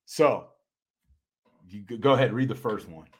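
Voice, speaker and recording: A middle-aged man co-hosting a sports podcast in casual chat, animated and quick to laugh. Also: fairly low pitch. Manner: animated, laughs easily, restarts often. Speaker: podcast co-host.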